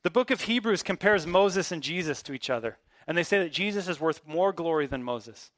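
Man, pastor, sermon, conversational, emphatic, high-pitched, dry. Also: expressive, fairly quick, fairly bright tone, no echo. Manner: conversational, emphatic preaching with casual asides.

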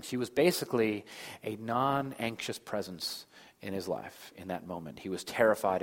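A man in his thirties preaching a sermon as pastor, moving between loud emphasis and soft, hushed lines. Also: on the low side. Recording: long hall reverb.

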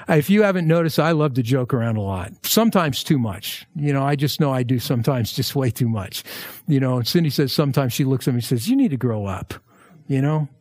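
A male pastor preaching a verse-by-verse sermon in a conversational way, with jokey asides and lively emphasis. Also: medium pitch, a little fast, no echo.

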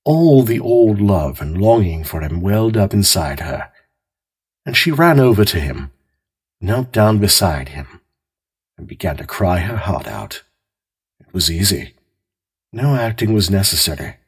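A man hosting and narrating a calm mystery story in a measured, expressive way. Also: deep voice, husky. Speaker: host and narrator.

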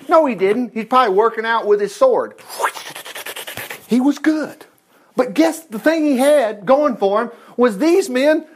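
A man reading the Bible aloud in an informal way, breaking in with excited exclamations and asides. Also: high-pitched, moderate pace, a little hiss or hum. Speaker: Bible teacher.

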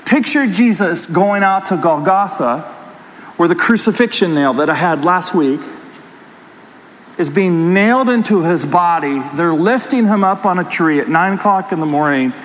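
High-voiced man preaching in a hall. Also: moderate pace. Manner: animated storytelling, addresses the congregation directly. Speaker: pastor. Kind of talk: sermon with personal story.

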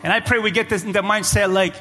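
High, bright-voiced preaching pastor. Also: male voice, fairly even intonation, fast talker. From Cape Verde. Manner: preaching with shouted, rising climaxes and quiet prayer passages. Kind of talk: sermon. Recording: live church hall with music and congregation.

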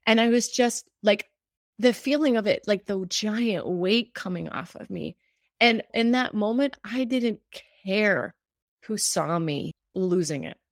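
A woman's voice: mid-range voice, lively intonation, a little slow, dry recording, clean studio sound. A woman guest telling a personal story in conversation. She speaks in a heartfelt, rambling way, full of fillers. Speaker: cancer survivor guest.

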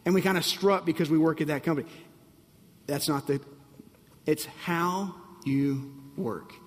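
This pastor speaks a little slowly in a slightly high voice, with a long reverb tail on the sound. His sermon is emphatic and full of repeated phrases, and he often asks listeners whether they are ready.

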